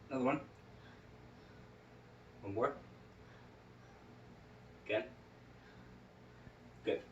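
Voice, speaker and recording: Guy talking thru a patient exam, lots of ums, kinda low voice, roomy room and faint hiss. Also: highs cut off. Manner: talks through each step, with many fillers and restarts. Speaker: nursing student. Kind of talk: narrated clinical skills demonstration. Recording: roomy sound from a distant mic.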